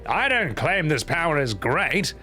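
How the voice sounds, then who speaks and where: A man voicing a pompous, mysterious male guardian behind a gate, with a grand, slow theatrical delivery. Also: a little high, very animated, sharp tone, faint music behind, full character voice. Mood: grandiose.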